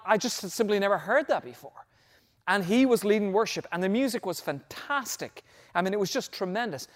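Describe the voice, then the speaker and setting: A middle-aged man with a high voice preaching a sermon. He tells stories earnestly, building up to loud, fervent phrases and then sinking almost to a hush. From Ireland. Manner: earnest storytelling, swells louder on key phrases, drops to a near whisper at times. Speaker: pastor.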